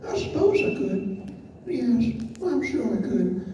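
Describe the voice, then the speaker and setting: A man's voice: extremely high pitch, big pitch swings, a little slow, full character voice. A man playing an eccentric, flamboyant male candy-factory owner in a live comedic script reading, theatrical and mock-tender. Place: convention hall stage. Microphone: phone in the audience. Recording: echoey hall, phone from far off, crowd noise.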